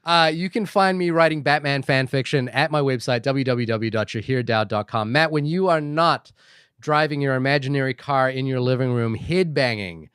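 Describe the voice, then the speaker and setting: A male podcast co-host with an ordinary mid-range voice. He talks in a wry, halting way, stumbling and restarting as he chats. The recording is dry. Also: mid-range voice, fairly bright tone, clean tone, no echo. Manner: hesitant, restarts often, wry. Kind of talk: casual chat.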